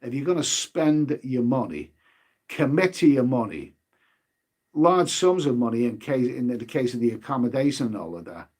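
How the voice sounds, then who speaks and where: With a mid-range, darkish voice, a man from the United Kingdom hosts a travel live stream. He rambles in a casual way, repeats himself, and leans heavily on filler words.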